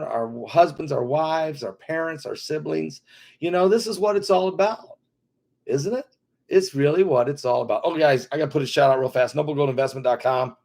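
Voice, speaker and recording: Gravelly older Midwestern man, folksy chat. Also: medium pitch, darkish tone. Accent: Midwestern American. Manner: rambling, folksy, talks to his dogs. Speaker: host. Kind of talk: casual chat with viewers.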